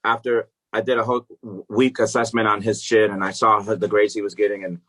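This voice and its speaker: A middle-aged man, a music educator, telling stories as a guest in a casual interview, animated and profane, laughing often. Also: lowish voice, a little fast.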